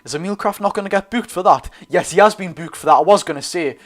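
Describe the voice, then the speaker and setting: A man's voice: sits high, quick pace, a bit bright. A young man with a Geordie accent hosting a live football watchalong, commentating casually, correcting himself and chatting to viewers. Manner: chatty, self-correcting, addresses viewers as lads. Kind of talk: live match commentary and chat.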